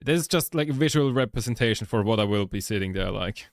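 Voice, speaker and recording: A man's voice: fairly low pitch, expressive, fast, dry recording, studio quality. A man chatting casually while editing a video, rambling, swearing a lot and laughing often, recorded indoors at home. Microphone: laptop microphone.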